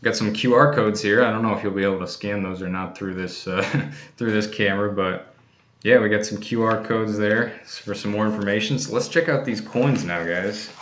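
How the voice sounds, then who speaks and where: Casual male streamer, low voice, relaxed rambling delivery, echoey room. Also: moderate pace, a little hiss or hum. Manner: chatty and easygoing, many fillers and restarts. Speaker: coin collecting channel host. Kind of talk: casual livestream chat, opening fan mail.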